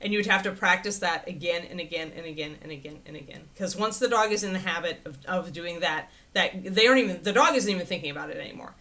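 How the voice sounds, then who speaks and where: A woman hosting a livestream, chatting casually and answering viewers' questions in a rambling, animated way with frequent laughter. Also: fast, few pauses. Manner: animated, swinging pitch into playful quoted voices. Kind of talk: casual chat.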